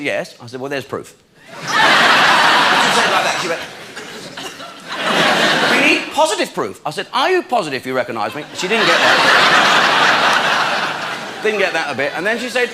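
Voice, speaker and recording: Lively high-voiced comedian on stage. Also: male voice, a little fast, pauses often, heavy background noise. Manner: chatty storytelling, acting out both sides of conversations. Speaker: stand-up comedian. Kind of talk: stand-up routine in a theatre. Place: large theatre stage.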